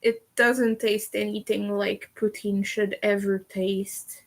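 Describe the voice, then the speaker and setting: A young woman chatting casually on a livestream, giggly, with occasional vocal fry. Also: mid-range voice, level tone, takes it slowly. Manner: chatty and giggly, laughs often. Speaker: streamer.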